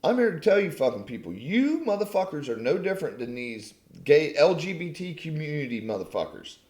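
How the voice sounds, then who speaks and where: A channel host rants angrily to camera, swearing constantly and mocking his viewers in a combative, profane tone. His slightly high, darkish voice swings widely in pitch and moves briskly, with roomy echo on the recording.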